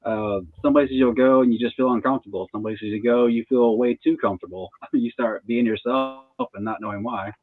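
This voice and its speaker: A man's voice: medium pitch, fairly even intonation, brisk, few pauses, no room sound. A laid-back man in his thirties chats casually as a guest, often breaking into a short laugh. His voice comes through a tinny, phone-like line with a dry sound. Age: 30s. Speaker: tarot reader guest. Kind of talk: casual interview chat.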